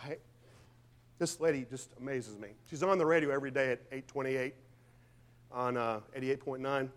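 A man preaching a sermon with fervent emphasis and rhetorical questions, swinging from loud declarations to quiet, low asides. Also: steady tone, normal speed, long reverb tail. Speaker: pastor.

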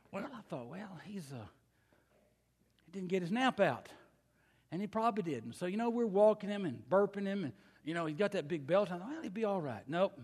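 An older man preaching a sermon, telling a folksy family story with slow, emphatic pauses. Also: high-pitched, darkish tone. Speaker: pastor. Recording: long hall reverb.

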